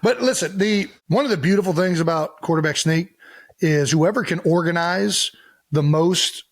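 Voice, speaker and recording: A man's voice: on the high side, moderate pace. A man co-hosting a podcast in casual chat, rambling, with many fillers and restarts. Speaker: podcast co-host.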